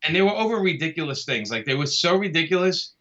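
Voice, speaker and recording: A man's voice: fairly high pitch, lively intonation, fast talker, sharp tone, highs cut off. A man from Brooklyn, talking casually and easygoingly as an interview guest, often laughing as he speaks. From Brooklyn, New York. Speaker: comic artist guest.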